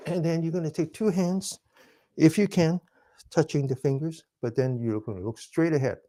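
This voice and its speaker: Calm man guiding breathing exercises. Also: on the high side. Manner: calm step-by-step instructions, counting slowly; drops to a soft whisper for breathing phrases. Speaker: mindfulness exercise instructor. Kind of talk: guided movement and breathing class.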